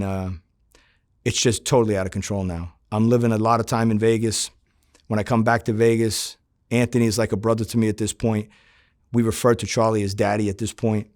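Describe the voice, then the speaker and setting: A man's voice: lowish voice, a little mellow. A middle-aged man, a former undercover agent, telling his story in an interview, acting out quoted dialogue and swearing freely.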